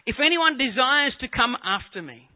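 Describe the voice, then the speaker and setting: A man's voice: very high-pitched, expressive, normal speed. A man preaching a sermon to a congregation, talking conversationally and joking with the people in the room. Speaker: pastor. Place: church hall with congregation. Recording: echoey hall on a tinny phone-like line.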